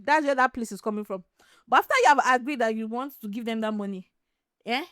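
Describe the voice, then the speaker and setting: Nigerian lady podcast host, chatty and animated, laughs a lot, slightly high voice, dry sound. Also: fast, dry recording. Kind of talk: casual chat.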